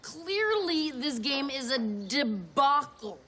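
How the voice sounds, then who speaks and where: A woman's voice: high-pitched, sing-song, takes it slowly, a crowd in the background, exaggerated voice. A woman playing a snobbish, condescending fan who talks in a smug, pompous way for a sketch comedy. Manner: smug, pompous, repeats words for emphasis. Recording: TV studio audience laughter.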